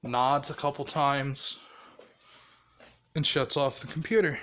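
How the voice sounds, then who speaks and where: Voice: medium pitch, fairly even intonation, takes it slowly, fairly bright tone. A person casually telling a rambling fan story, swearing often and laughing along.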